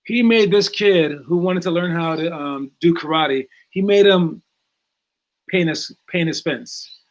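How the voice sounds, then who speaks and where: Guy coaching kids at basketball, kinda high voice, lots of um and like, repeats himself, gets animated. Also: a little slow. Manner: energetic, acts out movie scenes in raised voices; many fillers and repeated words. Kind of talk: casual talk to young players.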